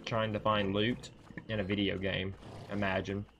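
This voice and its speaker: A man streaming a video game, talking to his viewers in loose, casual commentary. He bursts into excited, foul-mouthed reactions. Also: fairly low pitch, normal speed, highs cut off, soft background music.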